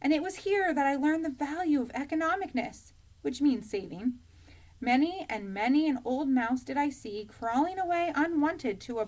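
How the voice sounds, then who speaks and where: A woman's voice: fairly high pitch, close to an everyday voice. A woman voicing a fussy, miserly male mouse who speaks in a self-pitying, dramatic, pathetic way.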